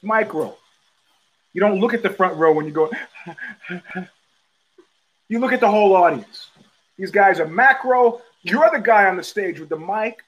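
Middle-aged man, podcast host, high-pitched voice, profane, rambling, stop-start delivery. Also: animated, measured pace, long pauses, a bit bright, low-quality recording. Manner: profane, rambling, many restarts. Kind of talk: casual monologue.

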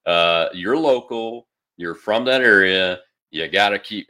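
A middle-aged man hosting a call-in show, giving halting, folksy advice. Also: lowish voice, bright, forceful tone. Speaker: show host. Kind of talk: casual call-in talk.

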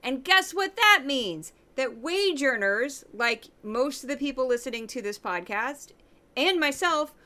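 A middle-aged woman from St. Louis hosts a news commentary podcast. Her voice sits a little high and rings bright. She talks in a sarcastic, animated way, mocking what she has just played. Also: unhurried. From Midwest, St. Louis. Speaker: podcast host. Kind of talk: opinionated commentary on news clips.

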